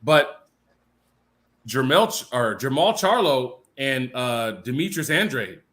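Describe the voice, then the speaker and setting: Slowly and expressively, a mid-range-voiced man co-hosting a boxing stream works through thoughtful analysis in long, qualified passages padded with fillers. His tone is fairly bright.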